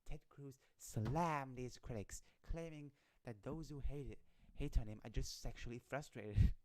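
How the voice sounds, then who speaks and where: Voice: mid-range voice, a little mellow. Rambling streamer reading articles aloud. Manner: rambling, stumbling over words, frequent laughter. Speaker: live streamer. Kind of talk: casual livestream reading satire articles.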